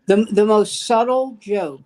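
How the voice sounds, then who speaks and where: A man's voice: sits high, a little slow, darkish tone, slight background noise. Dry-humored man telling stories. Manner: dry storyteller, tells anecdotes with quoted punchlines. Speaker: comedian panelist. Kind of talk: casual chat.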